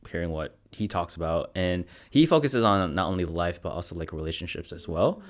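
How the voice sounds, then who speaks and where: A man hosting a podcast, chatting in a relaxed way and laughing often. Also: deep voice, brisk. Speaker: podcast host. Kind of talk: casual interview chat.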